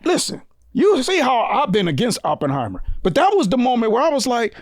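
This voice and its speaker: A man co-hosting a casual movie review podcast, talking with profane, animated energy and bursts of loud laughter. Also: extremely high pitch, brisk, few pauses, no echo. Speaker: podcast co-host.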